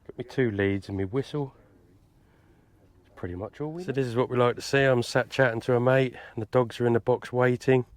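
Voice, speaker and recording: Brisk and medium-pitched, this gundog handler and vlogger chats to camera outdoors on a country estate, narrating his actions as he works. The recording sounds dry.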